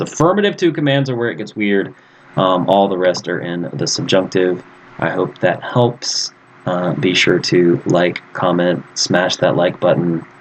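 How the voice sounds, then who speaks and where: A man teaching a recorded lesson over slides, in a casual, lively way, acting out example phrases. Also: deep voice, slight background noise, rough recording. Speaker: Spanish teacher.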